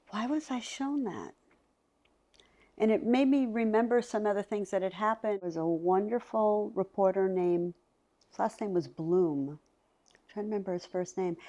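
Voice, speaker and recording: A middle-aged woman, a psychic medium, telling stories in a conversation and acting out the voices of the people in them. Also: mid-range voice. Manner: animated, acts out voices in her stories. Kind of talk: storytelling in a conversation.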